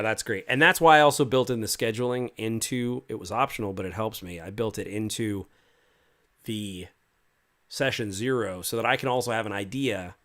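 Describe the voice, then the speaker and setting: A man with a fairly low voice chats casually on a livestream as a game master. He reads out viewer comments and answers each one in a loose, rambling way, full of restarts and little fillers. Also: a bit bright. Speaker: game master and stream host.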